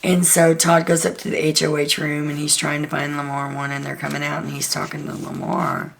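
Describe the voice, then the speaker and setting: A woman's voice: deep voice, monotone, a little fast, creaky, a little hiss or hum. A woman host chatting through a casual, gossipy recap of a reality show, full of "like" and "um".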